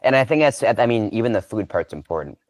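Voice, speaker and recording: Very deep-voiced male podcast host. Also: sing-song, quick pace, no echo. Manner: affirming, asks reflective questions with fillers. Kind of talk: casual conversational interview.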